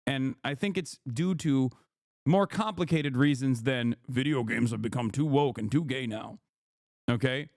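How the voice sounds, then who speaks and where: Guy streaming reactions, kinda high voice, swears a lot, super emphatic, dry close mic. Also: no echo. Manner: blunt, profane, emphatic, often says "okay?". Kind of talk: reaction commentary.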